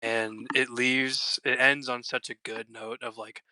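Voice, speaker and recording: A man co-hosting a casual podcast chat, eager and excitable, often restarting his sentences. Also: medium pitch, measured pace, clean tone, dry recording. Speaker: podcast co-host.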